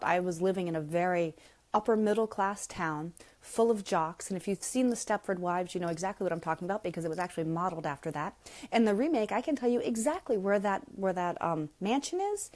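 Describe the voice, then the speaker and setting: A middle-aged woman hosting a live parenting question-and-answer chat, talking in a blunt, frank and emphatic way and reading out viewer comments. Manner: animated, with sudden jumps up in pitch. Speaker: parenting coach host.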